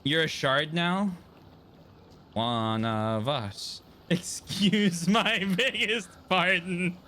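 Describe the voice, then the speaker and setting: Bright-voiced, laughing male streamer. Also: high-pitched, very slow, slight background noise. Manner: laughs often, swears, playful and talkative. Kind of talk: casual live-stream chat while gaming.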